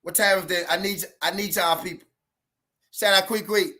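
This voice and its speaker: A man's voice: sits high, steady tone, normal speed, bright, forceful tone. A man with a Southern US accent hosting a casual boxing livestream, chatting loosely with viewers and repeating himself.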